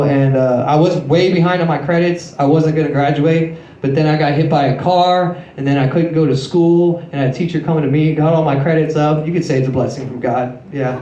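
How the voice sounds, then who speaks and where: Young guy doing standup, kinda high voice, swears a lot, roasts himself, echoey club. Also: animated, a little fast, darkish tone, muffled recording, a little hiss or hum. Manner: crude, self-mocking storytelling with frequent swearing. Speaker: stand-up comedian. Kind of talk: stand-up comedy set. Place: comedy club stage.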